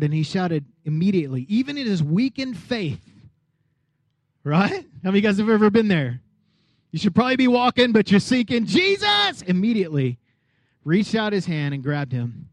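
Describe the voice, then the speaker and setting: A man's voice: high-pitched, moderate pace, dry recording. A man preaching a sermon as pastor, acting out Bible scenes and asking the crowd questions. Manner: lively, acts out Bible characters, asks the crowd questions.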